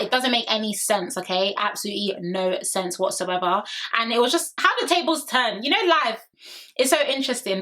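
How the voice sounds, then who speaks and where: Young woman, sassy reality TV recap vlogger, bright tone, casual chat straight to viewers. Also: mid-range voice. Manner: sassy, opinionated, addresses viewers directly. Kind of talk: casual chatty commentary.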